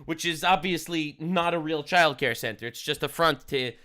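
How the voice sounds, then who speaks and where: A man's voice: fairly high pitch, moderate pace, pushed and bright. A man streaming commentary over video clips, crude, heated and sarcastic in his delivery.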